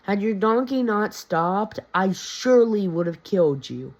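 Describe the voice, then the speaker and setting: A man's voice: sits high, expressive, measured pace, dull audio, pitched above the performer's own voice. A man doing a stern, solemn angel. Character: stern warning angel, male.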